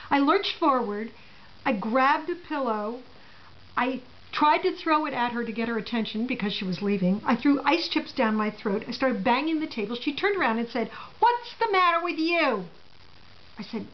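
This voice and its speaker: A middle-aged woman telling a first-person story in a wry, sarcastic manner, heard on a dull lo-fi recording. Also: fairly high pitch.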